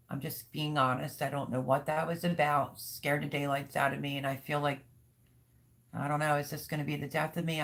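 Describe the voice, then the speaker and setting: A woman with a deep, slightly bright voice and vocal fry hosts a casual livestream from home. She rambles openly and reads comments from her viewers.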